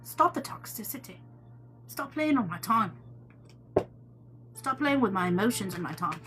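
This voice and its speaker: A woman's voice: mid-range voice, sing-song, moderate pace, over music. A woman hosting a live tarot stream, talking casually with viewers in a chatty, teasing way and calling them "my love.".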